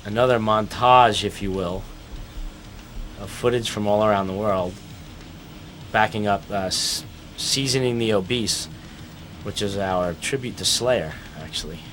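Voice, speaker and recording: A man's voice: on the low side, measured pace, pauses often, a bit bright, faint music behind. A man giving casual, profane, rambling commentary over a film, telling band stories.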